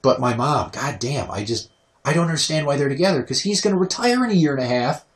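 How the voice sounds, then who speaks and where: A man co-hosting a casual podcast chat, talking loudly by nature and ranting with lots of swearing. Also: mid-range voice, expressive, fast talker. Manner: loud natural speaking voice; profane, ranting storyteller. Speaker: podcast co-host.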